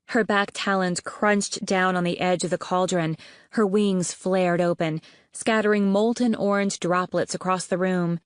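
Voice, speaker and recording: A woman narrates an audiobook in a steady, even manner. Her voice sits on the low side and is recorded dry and close, with no room sound at all. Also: no echo. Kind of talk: scripted narration.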